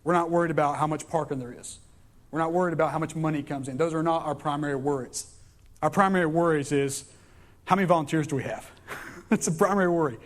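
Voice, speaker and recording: A young man preaching a sermon in a casual, storytelling way, in a church. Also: a little high. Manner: casual, storytelling, conversational preaching with frequent restarts. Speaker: pastor. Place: church sanctuary.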